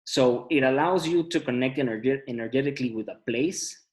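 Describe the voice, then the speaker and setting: A man's voice: medium pitch, fairly quick, poor audio. Man rambling with restarts, tagging "no?". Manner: rambling, many restarts and tag "no?". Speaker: panel guest. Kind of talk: casual panel talk.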